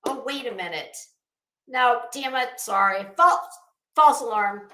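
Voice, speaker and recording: A woman's voice: fairly high pitch, measured pace, bright, forceful tone, reverberant. A woman streamer doing casual commentary, chatty and sassy, talking straight to the people she discusses. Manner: chatty, sassy, addresses people directly with asides and laughs.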